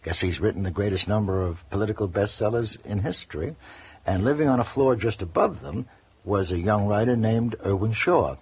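In a storytelling interview, a former news correspondent, now an older man, brings his anecdotes to life by performing each quote. He speaks briskly in a fairly low, very husky and breathy voice. The sound is muffled and lo-fi, reminiscent of vintage radio.

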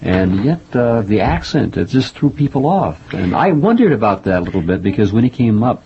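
A man hosting an interview, talking in a halting, chatty way with many pauses and fillers. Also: lowish voice, big pitch swings, slight background noise. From Oklahoma family roots. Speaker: interview host. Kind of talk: radio interview conversation. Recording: dull lo-fi audio.

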